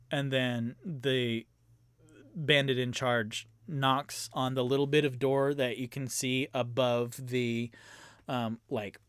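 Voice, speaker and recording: A man's voice: mid-range voice, clean tone, no room sound. A man narrating a solo tabletop game as game master, in a casual, meandering way with many fillers and self-corrections.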